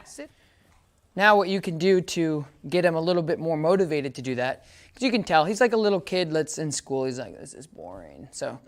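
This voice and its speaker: A man teaches a practical dog training session outside, talking in a relaxed way while he explains things and giving the dog cheerful, high-pitched praise commands.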